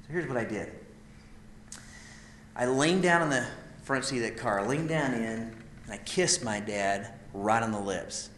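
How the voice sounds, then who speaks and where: A man preaching a sermon, telling a personal story with emotion that swells and drops to near a hush. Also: medium pitch, lively intonation, measured pace, long pauses, reverberant, slight background noise. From Idaho, USA. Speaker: speaker at a men's gathering.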